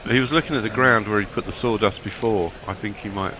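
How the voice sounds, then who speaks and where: A man's voice: on the low side, fast, background noise. A man on a cricket broadcast who reads out listener messages and adds dry, wry asides. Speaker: co-commentator reading listener messages. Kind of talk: casual chat on a cricket broadcast.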